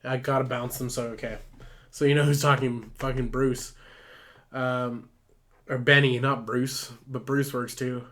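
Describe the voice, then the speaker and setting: A man's voice: medium pitch, flat delivery, measured pace, a bit bright. A man chatting loosely through a home live stream, swearing freely and rambling. His speech is a little tipsy and unpolished, with many fillers and asides. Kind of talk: casual live-stream narration.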